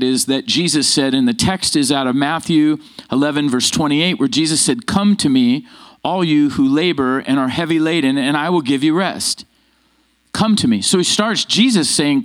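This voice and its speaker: A man preaches a Sunday sermon in a slightly raised pitch. He speaks with lively energy and calls on the congregation to answer him. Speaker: pastor. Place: church sanctuary with congregation.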